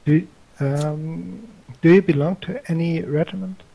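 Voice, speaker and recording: A man's voice: a little high, fairly even intonation, measured pace, creaky, breathy edge, highs cut off. A man playing in a tabletop game, speaking hesitantly with many fillers. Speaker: player. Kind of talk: casual tabletop game play.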